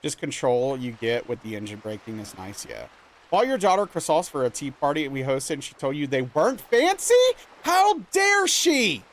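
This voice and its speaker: A man's voice: medium pitch, brisk. A young man from Louisiana chatting casually with viewers on a livestream, reading chat aloud and answering playfully with bursts of mock outrage. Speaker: streamer.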